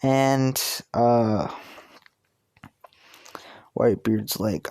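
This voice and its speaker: Gravelly slow man with a New Jersey accent. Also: mid-range voice, a little mellow, no echo, studio quality. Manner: rambling, many fillers and restarts. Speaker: video creator. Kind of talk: casual fan storytelling.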